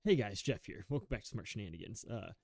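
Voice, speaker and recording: A man's voice: fairly low pitch, lively intonation, quick pace, darkish tone, husky, no echo, studio quality. A young man giving rambling, self-mocking commentary while playing a video game, chuckling often. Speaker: gaming YouTuber. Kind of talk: casual gameplay commentary.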